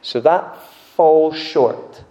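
Animated preacher in an echoey hall. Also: male voice, fairly high pitch, very slow, highs cut off. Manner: animated, acts out crowd voices. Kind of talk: sermon. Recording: echoey room.

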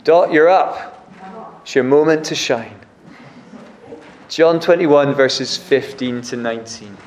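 Casual preacher in an echoey hall. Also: male voice, mid-range voice, slow, a little hiss or hum. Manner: conversational, uses "like" and acts out dialogue. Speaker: pastor. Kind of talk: sermon. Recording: echoey room.

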